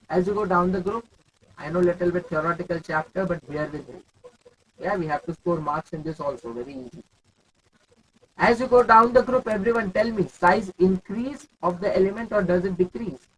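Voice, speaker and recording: A man's voice: high-pitched, normal speed, a little hiss or hum, rough recording. A young man with an Indian English accent teaching chemistry in a live online class, calling on students by name and repeating his questions.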